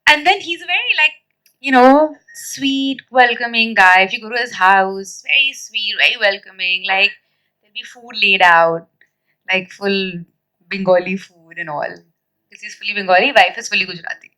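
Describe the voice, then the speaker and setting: A woman's voice: mid-range voice, normal speed, rough recording. A woman, chatting casually in a press interview and telling stories with lots of fillers. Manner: chatty, animated storytelling with fillers and laughs. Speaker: actress at a film press event.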